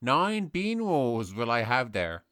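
A man's voice: medium pitch, big pitch swings, slow pace, fairly bright tone, no room sound, studio quality. A man playing a lovesick poet with a Sligo Irish accent, speaking in wistful poetic lines in a comedy sketch. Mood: dreamy. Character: lovesick older male poet, dreamy, single-minded.

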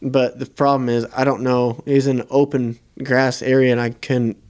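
A young man co-hosting a podcast tells a hunting story in a loose, easygoing way, swearing often. His voice is smooth and clear, in a middle pitch. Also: moderate pace. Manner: relaxed, profane storytelling. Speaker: podcast co-host. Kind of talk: casual hunting story chat.

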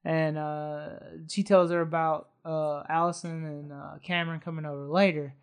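A man's voice: on the high side, flat delivery, normal speed, clear, resonant tone. A man in a casual podcast chat, recapping a film in a rambling way with many fillers and frequent laughs. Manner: rambling, hesitant, laughs often. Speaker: podcast co-host.

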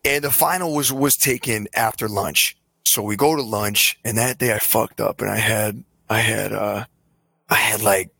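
A young man in a casual podcast chat, telling a story in an animated and crude way and swearing freely. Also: fairly low pitch, normal speed, creaky, slightly rough, no room sound.

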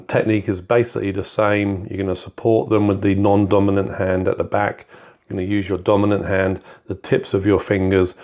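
A man talking through a clinical examination step by step, in a methodical, instructive way with frequent fillers. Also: sits low. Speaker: clinical skills teacher. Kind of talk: spoken medical teaching walkthrough. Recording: dull, slightly lo-fi sound.

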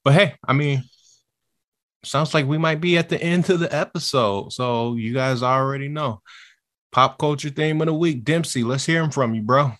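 A man hosting a casual podcast chat, relaxed and agreeable as he wraps up topics. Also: medium pitch, normal speed. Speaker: podcast host.

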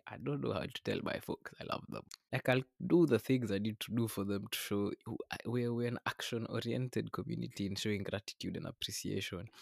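A man's voice: on the low side, gravelly, no room sound, clean studio sound. A man hosting a podcast, talking earnestly and a little preachily, often calling the listener man or brother. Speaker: podcast host. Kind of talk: reflective podcast monologue. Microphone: podcast microphone.

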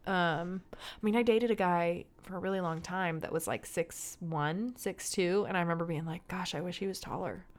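A young woman co-hosting a podcast in casual chat, chatty and quick to laugh. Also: on the low side. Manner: chatty, giggly, trailing off into laughter. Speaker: podcast co-host.

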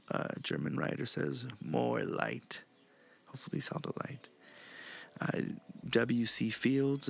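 A man talks his way through a casual podcast monologue, swearing freely and rambling between points. His low voice carries a heavy gravelly rasp. He drops to a hushed near-whisper when reading out quotes. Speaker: podcast host.

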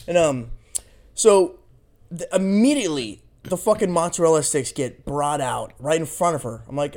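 A man's voice: fairly high pitch, animated, moderate pace, darkish tone. A young man casually telling a rambling, profane story on a podcast. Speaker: podcast co-host.

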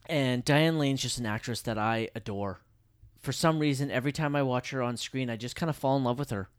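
A man's voice: medium pitch, brisk, smooth, no echo, clean studio sound. Enthusiastic man, casual podcast chat. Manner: enthusiastic, swears casually, gets loud when excited. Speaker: podcast co-host.

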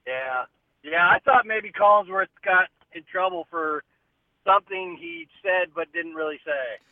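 A man's voice: high-pitched, big pitch swings, measured pace, dry recording. Laid-back man on a tinny phone line. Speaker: co-host on a call. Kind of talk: casual sports chat. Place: outdoors.

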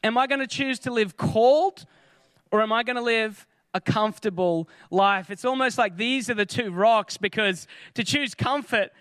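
A man delivering a conversational sermon in a very high voice, animated and chatty, with joking asides. The sound is dry and close, with no room around it. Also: moderate pace, no echo. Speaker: preacher. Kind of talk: casual sermon.

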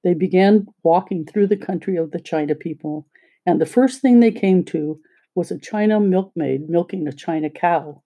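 Audiobook narrator, steady storybook reading, very dark mellow tone, middle pitch. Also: moderate pace. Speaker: audiobook reader.

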